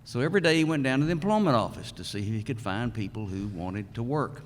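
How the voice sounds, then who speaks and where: An older man, giving a folksy, halting acceptance speech as a hall of fame inductee. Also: medium pitch, expressive, a little hiss or hum. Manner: folksy, halting storyteller with many pauses. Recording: long reverb of a large hall.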